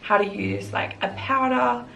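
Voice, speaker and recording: A woman's voice: on the high side, steady tone, measured pace, creaky, sharp tone, muffled recording, a little hiss or hum. A woman chatting through a makeup tutorial in her bedroom, bubbly and chatty, calling everything little. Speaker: makeup vlogger. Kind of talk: casual tutorial chat.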